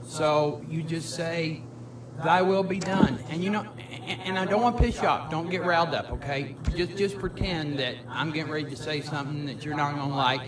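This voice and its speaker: Rambling, teary-laughing man mentor, a touch high-voiced, recorded far off with crowd chatter. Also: fairly quick, hardly any pauses. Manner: rambling, stammering, laughing often. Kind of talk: emotional personal conversation. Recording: distant mic with crowd noise.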